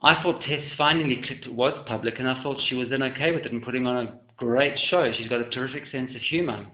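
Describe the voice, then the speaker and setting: A man from South Africa, an artist, talking to the camera in a theatrical, flamboyant way that swings between loud and soft. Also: mid-range voice, fast. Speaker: artist and muralist. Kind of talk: casual camera monologue. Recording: echoey room, dull lo-fi sound.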